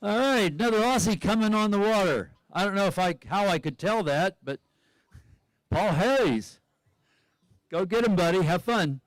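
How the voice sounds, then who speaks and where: A man calling a live sports event with a slightly high voice, talking through each run in a relaxed, chatty way. He speculates aloud about what the athletes might do next. His voice is close and dry, with no room sound. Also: moderate pace, no room sound. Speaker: commentator.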